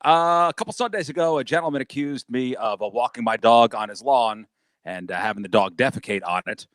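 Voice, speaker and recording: A male guest telling a story in a deadpan way during a casual chat. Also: mid-range voice, a little fast, dry recording.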